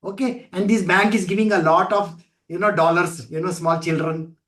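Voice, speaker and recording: A high-pitched man teaching a scripture class, telling a story with animated acted-out voices. He keeps asking his listeners questions. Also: normal speed. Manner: animated storytelling, acting out voices of people and gods. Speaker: spiritual teacher.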